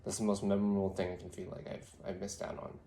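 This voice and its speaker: Here a young man's voice is low-pitched, monotone, quick and mellow, with slight background noise behind it. Congested and throaty, he wanders through a reflective phone vlog full of fillers, lying on his side before eventually standing.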